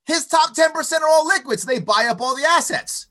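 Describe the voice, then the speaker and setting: A man talking as an interview guest, giving an opinionated, animated argument with stuttered restarts and frequent "right?" tags. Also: very high voice, brisk. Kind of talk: opinionated conversational monologue.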